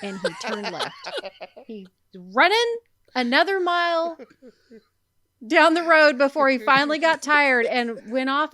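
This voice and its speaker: A woman podcast co-host, telling a story in casual chat with lots of laughter. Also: sits high. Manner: animated, laughing as she tells a story.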